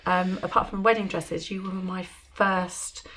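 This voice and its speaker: A woman's voice: fairly low pitch, flat delivery, unhurried, a bit bright, slight background noise. A woman hosting a podcast, chatting casually and laughing often. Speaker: podcast host. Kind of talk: casual chat.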